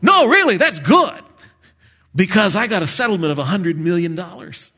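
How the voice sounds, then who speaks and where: A man voicing a joking old country barber in a sermon, with loud, sing-song comic patter. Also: high voice, big pitch swings, normal speed, slightly rough, voice pushed up, full character voice. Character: old male country barber, cheerful joker.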